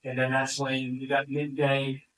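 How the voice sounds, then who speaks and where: A man's voice: medium pitch, completely flat delivery, a little slow, fairly bright tone. A man, a public safety official, briefing a community meeting in a matter-of-fact way about a search effort. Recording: distant from the mic.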